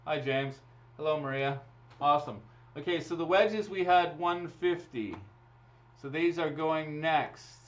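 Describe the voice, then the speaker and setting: A man's voice: on the high side, unhurried. A man hosting a live raffle draw, chatting casually and laughing as he runs the draws into a computer mic. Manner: chatty and laughing, talking through each draw. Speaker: raffle host. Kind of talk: casual livestream chat. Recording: dull lo-fi stream audio.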